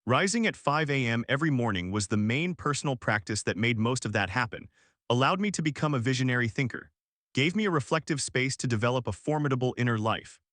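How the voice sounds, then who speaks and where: A man voicing a calm, confident wealthy mentor who speaks with assured, emphatic authority. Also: medium pitch, quick pace, dry recording, clean studio sound, lightly acted. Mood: enthusiastic.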